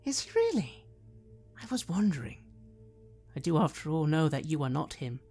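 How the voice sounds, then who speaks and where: A man's voice: a little high, big pitch swings, moderate pace, a little mellow, faint music behind. A man voicing a mocking male villain who gloats and taunts. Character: mocking male villain impersonating a party member.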